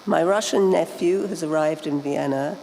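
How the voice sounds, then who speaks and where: A woman journalist asking an earnest, measured question from the floor of a conference hall. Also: low-pitched, darkish tone. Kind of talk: audience question at a panel. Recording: echoey hall with faint background noise.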